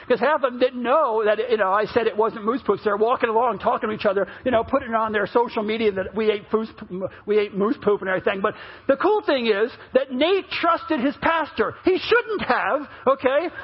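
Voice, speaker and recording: Male pastor, very high husky voice, rambling storyteller in the pulpit, muffled recording. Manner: chatty storytelling with many restarts, rising and louder at the punchlines. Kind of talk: sermon with storytelling.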